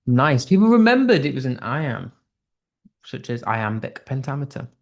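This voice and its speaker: A man's voice: medium pitch, big pitch swings, moderate pace, vocal fry. A man with a British accent teaching an online English class, upbeat and thinking aloud as he reads out quiz answers. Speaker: English tutor.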